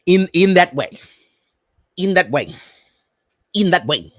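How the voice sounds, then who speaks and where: A sassy, campy man hosting a pop-culture chat show, his voice swooping high and low as he teases his listeners. He sits close to the mic in a dry, dead room. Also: slow, dry recording. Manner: sassy, campy, animated, addresses listeners as "girl" and "Miss Thing". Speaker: podcast host. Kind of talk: casual pop-culture commentary.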